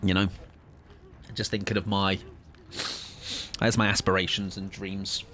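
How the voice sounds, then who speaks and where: A man's voice: deep voice, level tone, a little slow, pushed and bright. A tired young man rambling playfully and mocking himself while he comments on a game he is playing live. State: tired, sleep-deprived. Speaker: streamer.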